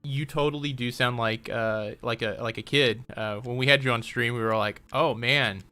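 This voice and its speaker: A man's voice: medium pitch, fairly even intonation, normal speed, sharp tone, clean tone. A man chatting casually while gaming on a stream, talkative and laughing often.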